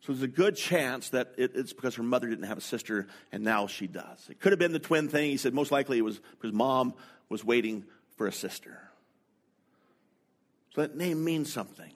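Middle-aged male pastor, sermon delivery, deliberate pace, anecdotal, plain mid-range voice. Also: mid-range voice, animated. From North America. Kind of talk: sermon storytelling.

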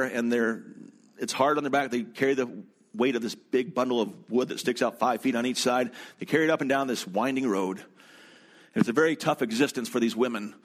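Male pastor, sermon, conversational storyteller, asides to the congregation, room full of listeners. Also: mid-range voice.

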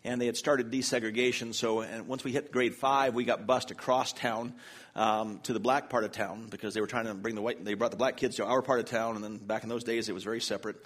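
A man's voice: mid-range voice, fairly even intonation, fairly quick, a bit bright. A man from the US South preaching a sermon in church, telling self-deprecating stories with humor. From Charlotte, North Carolina, US. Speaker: pastor. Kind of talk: sermon with personal storytelling.

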